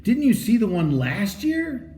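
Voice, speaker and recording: A chatty, eager little boy, voiced by a man talks excitedly in a raised, lively voice. The storybook reading has a roomy echo. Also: high-pitched, measured pace, slight background noise, pitched above the performer's own voice, heavily acted.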